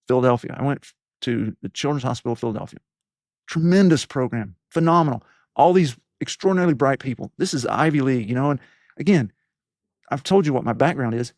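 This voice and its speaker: A man's voice: on the high side, darkish tone, no echo, clean studio sound. Southern-accented man telling his story. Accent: softened East Tennessee Southern. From East Tennessee. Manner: earnest storytelling, acts out quoted voices. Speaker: podcast host as guest. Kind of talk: reflective interview talk.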